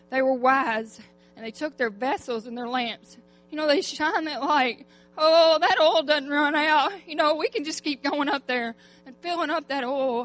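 A woman's voice: high-pitched, fairly bright tone. A middle-aged woman giving a heartfelt, fervent church testimony, breaking into sighing "oh"s between phrases. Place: church congregation.

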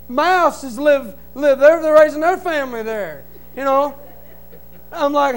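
A middle-aged man giving an impassioned testimony in church, pleading and rising to shouts. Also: very high-pitched, a little slow, rough recording. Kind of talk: preaching testimony.

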